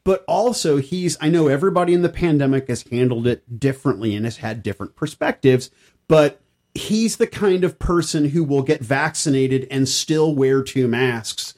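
A man on a podcast telling a personal story in an animated, emphatic way. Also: medium pitch, normal speed. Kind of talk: casual chat.

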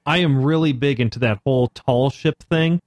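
A man's voice: medium pitch, normal speed, a little mellow. A man co-hosting a casual podcast, playful and teasing. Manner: playful, laughs and teases. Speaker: podcast co-host. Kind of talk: casual chat.

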